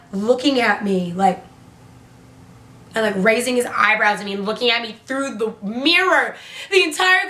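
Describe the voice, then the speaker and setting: A young woman tells a story to camera in a chatty vlog style, peppering her sentences with "like" and casual swearing. Her voice is bright and sits a little high. The room echoes noticeably, with a faint hum underneath. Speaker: vlogger. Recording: roomy echo with faint hum.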